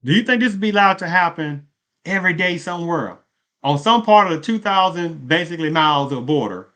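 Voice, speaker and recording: A video commentator with a fairly high voice delivers opinionated political commentary in an animated, fairly quick way, his tone bright and forceful. He rambles, poses rhetorical questions and often corrects himself.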